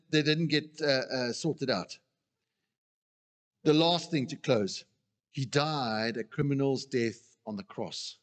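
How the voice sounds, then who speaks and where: Guy giving a sermon, lively preachy delivery, echoey hall sound. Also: medium pitch. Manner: animated preaching, acts out quoted voices. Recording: long reverb of a hall.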